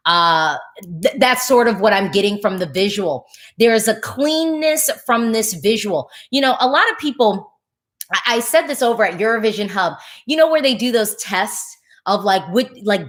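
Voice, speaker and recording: A woman's voice: medium pitch, normal speed. Woman vlogger doing a chatty reaction, lots of likes and you knows, gets a bit emotional. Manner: chatty, animated, lots of fillers, nitpicking notes; gets emotional and laughs mid-thought. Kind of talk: casual reaction commentary.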